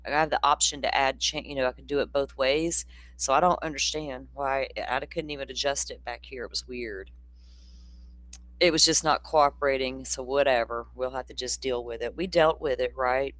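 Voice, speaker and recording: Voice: medium pitch, steady tone, moderate pace, a bit bright, no room sound. A livestream host, chatting loosely and rambling while reading out viewer comments. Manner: loose and informal, with a casual swear. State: hiccups. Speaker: true-crime livestream host. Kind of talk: casual livestream chat.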